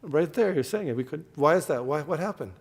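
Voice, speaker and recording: A man's voice: a little high, expressive, brisk, vocal fry, breathy edge, long reverb tail. A man giving a devotional scripture class, explaining terms and quizzing his listeners, with many fillers and restarts.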